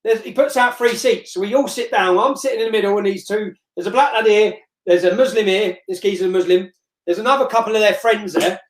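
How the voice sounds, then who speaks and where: A man telling a story as an interview guest on a live stream, blunt and forceful, repeating himself and tagging lines with "yeah?". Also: high voice, fast. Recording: roomy echo.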